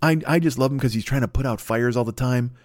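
A man hosting a comedy podcast who rambles through a foul-mouthed rant, cutting himself off and restarting as he goes. His pitch sits in the middle range for a man. The sound is dry and close, with no room echo. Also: fast talker, darkish tone. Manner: rambling, heavy swearing, self-interrupting. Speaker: podcast host.

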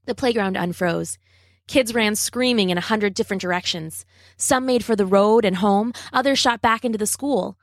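A woman reading a children's adventure story aloud, steady and dramatic. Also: medium pitch, no room sound, studio quality.

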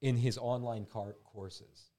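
A man's voice: mid-range voice, takes it slowly. A man co-hosting a comedy podcast, joking around in casual chat. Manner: animated, jokey, drops into mocking impressions. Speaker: podcast co-host.

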